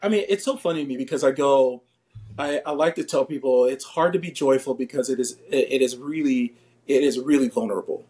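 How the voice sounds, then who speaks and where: A man's voice: mid-range voice, brisk, darkish tone. A man talking as a podcast guest, reflective and often searching for his words in casual conversation.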